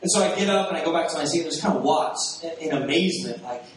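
A pastor preaching a sermon in a storytelling way, lively and laughing, acting out his own past reactions. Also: fairly high pitch, quick pace. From Texas. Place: church sanctuary. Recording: very echoey room, distant mic, faint hiss.

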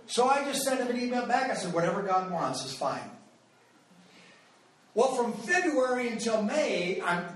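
A man preaching, telling a story to his congregation in an animated, rambling way with many restarts and fillers. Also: sits high, moderate pace, slight background noise. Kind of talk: storytelling sermon. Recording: echoey hall, mic far off.

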